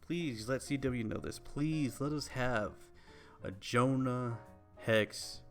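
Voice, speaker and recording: A man's voice: medium pitch, slow, fairly bright tone, soft background music. Emphatic man in a casual podcast chat. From countryside. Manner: emphatic, rambling, joking.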